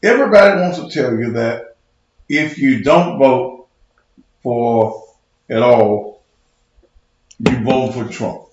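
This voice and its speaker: A man hosts his talk show in a loose monologue, a little out of breath and leaning on repetition to make his points. He talks at an unhurried pace. His voice sounds dull and is swallowed by a very echoey room. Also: mid-range voice, a little mellow, a little hiss or hum. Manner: loose, conversational, emphatic with repetition.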